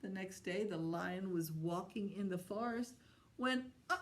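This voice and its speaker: A woman hosting a library storytime, talking slowly and gently to young children as she tells fables. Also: medium pitch. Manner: slow, gentle and animated, talking to young kids. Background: autoharp she plays before the story.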